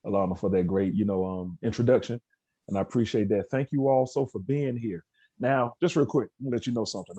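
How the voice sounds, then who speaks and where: A man's voice: medium pitch, dark tone, husky, no echo. A man giving a motivational talk to students over a video call, telling a story and acting out the quoted dialogue. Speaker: keynote speaker. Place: indoors at an outdoor education center.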